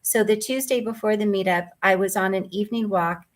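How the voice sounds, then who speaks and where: Woman coach, gentle and earnest, mid-pitched, personal storytelling with casual ums. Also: fairly even intonation, fairly quick. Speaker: mindfulness coach.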